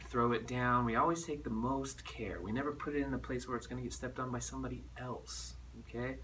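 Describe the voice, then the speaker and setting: A man teaching a recorded music lesson to children, animated and playful as he demonstrates. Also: medium pitch, far from the mic, a little hiss or hum.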